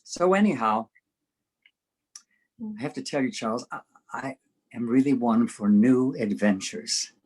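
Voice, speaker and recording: An older man recounting stories from his years touring on stage, laughing often as he goes. He acts out the other people's lines in his own tale, which gives the telling plenty of swing. It sounds like a relaxed, chatty interview. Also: medium pitch, measured pace, long pauses, poor audio. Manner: animated storyteller, laughs often, acts out voices. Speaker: interview guest. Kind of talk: anecdotal storytelling.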